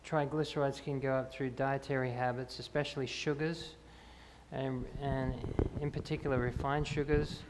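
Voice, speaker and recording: A man's voice: mid-range voice, flat delivery, moderate pace, a little hiss or hum. A man answering health questions after a talk in a church hall, explaining with fillers and restarts. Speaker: health speaker. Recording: reverberant church hall, faint ambience.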